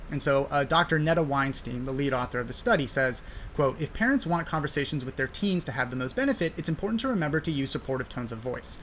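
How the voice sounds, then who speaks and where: A man's voice: medium pitch, a bit bright, slight background noise. A young man hosting a podcast, explaining a study in a casual, conversational way with frequent fillers. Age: young adult. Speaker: podcast host.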